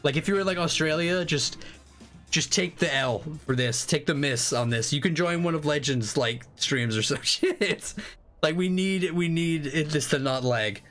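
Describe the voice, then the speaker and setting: A young man hosting a live game stream, chatting casually, excitable and swearing freely with rambling restarts. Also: on the high side, moderate pace, soft background music.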